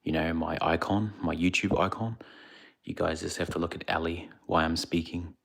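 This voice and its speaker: A streamer from India talks in a hushed, deep, gravelly voice, steady in tone and at normal speed, during a casual livestream chat. He's indoors away from home with others asleep, so he keeps quiet, recording on a phone.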